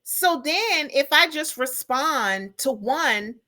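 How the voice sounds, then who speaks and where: A woman's voice: sits high, takes it slowly. A middle-aged woman co-hosting a podcast in casual chat, telling stories and acting out the people she talks about. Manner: animated storytelling, acts out callers. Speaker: podcast co-host.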